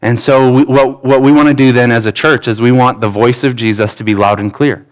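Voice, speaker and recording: A man's voice: mid-range voice, steady tone, fairly quick, low-quality recording. A pastor in his thirties preaching a sermon in an earnest, conversational way, with asides and restarts.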